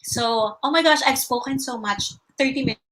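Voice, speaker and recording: A Filipino woman hosts a casual livestream and answers parents' questions as a speech-language pathologist. Her voice sits a bit high and sounds bright and forward. She explains things patiently and slips between English and Tagalog. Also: moderate pace, low-quality recording. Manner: explains patiently, demonstrating mouth sounds with emphasis; greets viewers by name.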